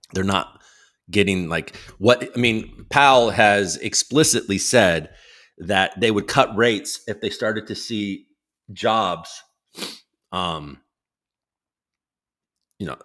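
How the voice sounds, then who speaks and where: Man, lowish voice, livestream host, casual rambling chat, desktop mic. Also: a bit bright. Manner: rambling, loose, swears casually. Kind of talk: casual chat reading out viewer comments.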